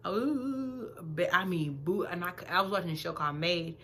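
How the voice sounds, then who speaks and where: A young woman, five months pregnant, telling a story in a blunt, profane, animated vlog rant that swings between loud outbursts and quiet asides. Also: on the low side, normal speed, slight background noise. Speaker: vlogger.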